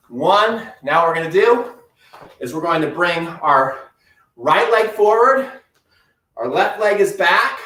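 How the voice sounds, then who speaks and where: A high-pitched man leads a home workout as a tennis coach, calling out drills with upbeat energy while he exercises. He sounds set back from the mic in a roomy, echoey space. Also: sharp tone, distant mic. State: breathing heavily at times. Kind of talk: live-streamed home workout instruction. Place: room at home.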